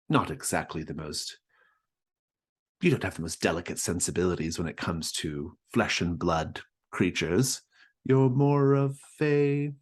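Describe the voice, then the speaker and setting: A man voicing a soft, fretful, genteel middle-aged widow who speaks in a fussy, prim way. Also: sits low.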